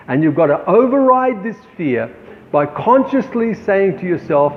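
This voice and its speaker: A man's voice: high voice, very animated, measured pace, slight background noise. A man, a painter, giving an encouraging motivational talk to fellow artists, calling them friends. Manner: encouraging, addresses viewers as friends. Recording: echoey, tinny phone-like sound.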